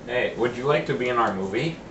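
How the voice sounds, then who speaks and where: A young man making a prank phone call, talking in a deadpan, fibbing way. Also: medium pitch, fast. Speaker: prank caller. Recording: echoey, muffled, far from mic, noisy.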